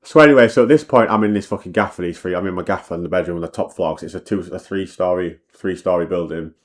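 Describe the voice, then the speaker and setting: A man telling a personal story in a rambling, sweary way, full of restarts and repeats. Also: deep voice. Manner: talks fast and knows it. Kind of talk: casual storytime monologue.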